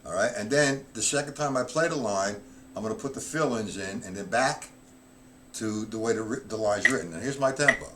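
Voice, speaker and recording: A middle-aged man teaching a live-streamed drum lesson, counting rhythms aloud loud and slow between explanations. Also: fairly low pitch, noisy background.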